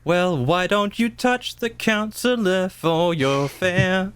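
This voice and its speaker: A man's voice: sits high, slow pace, fairly bright tone, smooth. Playful man reading a radio play. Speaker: amateur reader in a comedy table read. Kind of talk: comic radio-play table read.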